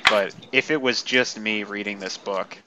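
A man in a book club chat, ranting about a book with animated exasperation. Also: on the low side, normal speed, heavy background noise. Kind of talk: casual chat.

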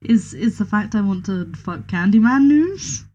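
A woman's voice: medium pitch, expressive, measured pace, mellow. Laid-back woman guest on a remote call. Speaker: podcast guest. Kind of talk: casual podcast chat.

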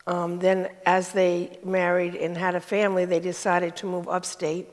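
A woman in her seventies with a Brooklyn accent, candidly telling her life story in an interview, reflective and unhurried. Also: fairly low pitch, completely flat delivery, big-room sound. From New York state, USA. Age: 70s. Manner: slow, candid, reflective, with many ums. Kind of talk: interview testimony.

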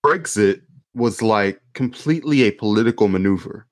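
A man's voice: on the low side, expressive, moderate pace. A man co-hosting a podcast, chatting casually and sarcastically about politics, swearing freely. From United States. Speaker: podcast co-host.

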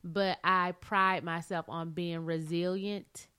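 A young woman speaks candidly in a casual conversation, her voice bright and smooth. She is open and emotional, often laughing through her tears. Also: lowish voice, steady tone, slow pace. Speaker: podcast guest sharing her story.

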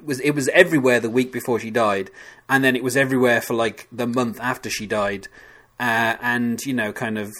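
Man from Britain, middle pitch, rambling casual podcast co-host. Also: fairly even intonation, brisk, fairly bright tone. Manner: rambling, hesitant, filler-heavy.

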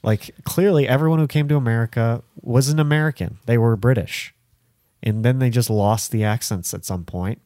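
A man's voice: mid-range voice, normal speed, warm tone, dry recording, studio quality. A man co-hosting a podcast, rambling in casual chat with lots of filler words. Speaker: podcast co-host.

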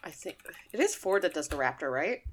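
A woman co-hosting a podcast, telling stories in rambling, animated casual chat full of restarts. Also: on the low side, fairly quick. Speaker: podcast co-host.

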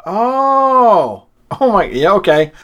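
Joking male podcast co-host, lively pitch, laughs easily. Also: slow pace. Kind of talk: casual chat.

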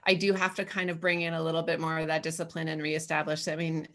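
A woman's voice: deep voice, completely flat delivery, fast, a bit bright. A woman in her thirties or forties, a guest in a casual conversation, talking candidly in a chatty way with frequent fillers.

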